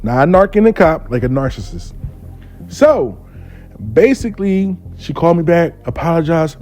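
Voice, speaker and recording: A man's voice: a little high, lively intonation, normal speed, a little mellow, faint music behind. A man telling a story in a blunt, profane, emphatic way, as a relationship reconciliation worker. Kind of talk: casual storytelling monologue.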